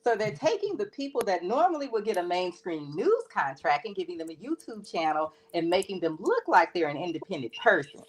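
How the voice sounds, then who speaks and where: A woman's voice: on the low side, sing-song, a little fast, hardly any pauses, slight background noise, poor audio. A woman co-hosting a podcast, making her points emphatically in casual chat. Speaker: podcast co-host.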